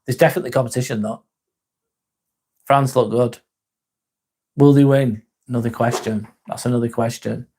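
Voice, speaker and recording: A young English man chatting live to his viewers, halting and sincere, often trailing off and starting over. His voice sits at an ordinary middle pitch, and his talk is loose and unscripted. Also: fairly even intonation, warm tone, a little hiss or hum. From England. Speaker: livestream host. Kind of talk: casual live-stream chat, reading comments.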